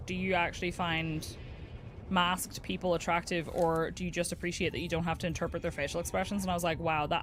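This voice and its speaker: A woman's voice: lowish voice, slight background noise. A woman, chatting and telling stories while streaming a game, laughing often. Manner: chatty storyteller, animated, laughs a lot. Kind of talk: casual chat while playing a game.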